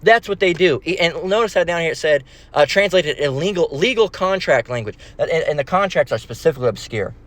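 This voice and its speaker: A man's voice: on the high side, expressive, a little fast, few pauses, fairly bright tone. A man giving a rambling, profane screen-share lesson, repeating himself as he goes.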